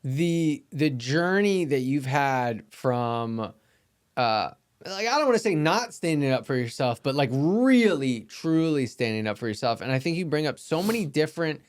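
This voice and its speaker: A man's voice: fairly high pitch, lively intonation, normal speed, clean tone. A man hosting a podcast, chatting casually with a loose, emphatic delivery full of fillers. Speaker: podcast host. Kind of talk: casual interview chat.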